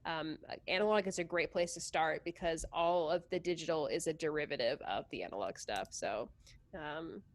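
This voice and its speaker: A woman's voice: deep voice, moderate pace. A woman talking casually as a product specialist, explaining mixing consoles with lots of fillers. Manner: chatty, lots of fillers and likes. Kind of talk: casual technical demo talk.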